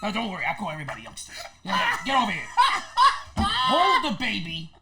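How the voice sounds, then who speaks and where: A man putting on a boisterous older male music star who barks orders while laughing and shouting. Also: high-pitched, wildly swooping pitch, brisk, voice pushed up, exaggerated voice. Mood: bossy.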